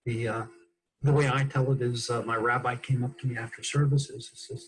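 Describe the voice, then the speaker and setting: A man co-hosting a comedy talk show on a video call, speaking deliberately and telling an old joke. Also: mid-range voice, little pitch movement, rough recording. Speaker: co-host. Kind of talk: casual chat on a video call.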